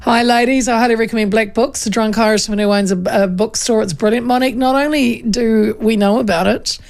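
A woman's voice: fairly high pitch, steady tone, fairly quick, vocal fry, darkish tone. A woman, co-hosting a radio show in casual chat, reading out listener texts and reminiscing with a laugh.

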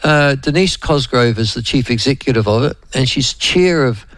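A man's voice: mid-range voice, expressive, normal speed, fairly bright tone, dry recording. A man with a New Zealand accent hosting a talk radio show, rambling and chatty, addressing his listeners and co-host by name. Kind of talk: casual radio chat.

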